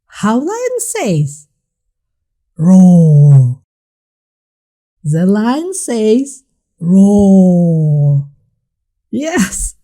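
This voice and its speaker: A young woman with a high voice leads a toddler speech lesson. She talks very slowly, in sing-song, exaggerated words. Her pitch swings all over. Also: a little mellow. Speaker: toddler teacher.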